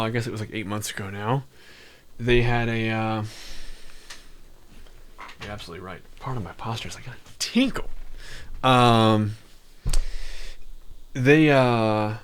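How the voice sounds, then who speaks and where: A man streaming live and chatting casually with his viewers, rambling with lots of fillers and trailing pauses. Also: mid-range voice. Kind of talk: casual chat.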